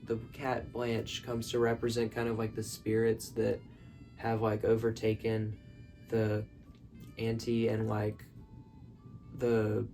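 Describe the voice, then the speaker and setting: A man's voice: fairly low pitch, completely flat delivery, slow pace, long pauses, dark tone, faint music behind. A man in his bedroom rambling through a film recap, full of "like" and "um". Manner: rambling, filler-heavy, lots of "like". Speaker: vlogger. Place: bedroom at night.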